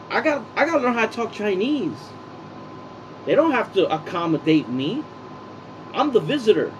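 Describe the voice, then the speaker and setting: High-voiced man ranting angrily. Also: a little hiss or hum, low-quality recording. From Puerto Rico. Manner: heated, profane, repeats himself. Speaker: political vlogger. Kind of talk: angry opinion rant.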